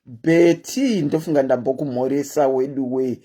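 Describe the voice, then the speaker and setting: Husky, mellow Zimbabwean woman hosting a live stream. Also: rumbling low, normal speed. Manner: chatty, greets viewers one by one. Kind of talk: casual live-stream chat.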